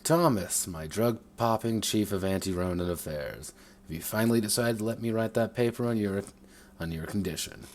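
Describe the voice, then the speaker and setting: A man's voice: fairly low pitch, normal speed, darkish tone, pitched above the performer's own voice, lightly acted. A man voicing a wheezy, nasal, toad-like old male doctor in a read-aloud story. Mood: prying.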